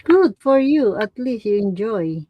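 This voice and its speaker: A woman's voice: fairly high pitch, big pitch swings, unhurried, dry recording, dull audio. A Filipino woman hosting a casual live stream, reacting with short questions and loose, informal phrasing. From Philippines. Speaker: livestream host.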